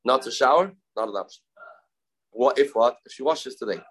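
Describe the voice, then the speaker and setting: A man teaching a Talmud lesson, halting and repeating phrases, mixing English with Hebrew and Aramaic terms. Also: mid-range voice, expressive, a bit bright, husky, poor audio. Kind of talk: Talmud study class.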